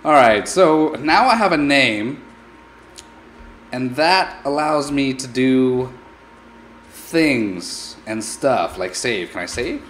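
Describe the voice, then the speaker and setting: Animated, melodramatic male game commentator. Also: medium pitch, slow pace, a little hiss or hum. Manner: playfully melodramatic, mock-scared exclamations. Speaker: gaming channel host. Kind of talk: let's play commentary.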